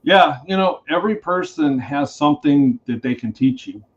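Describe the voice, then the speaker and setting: A man who is a guest on a casual podcast, a reptile breeder speaking in a blunt, animated way. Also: on the high side, moderate pace. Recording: slightly dull lo-fi sound.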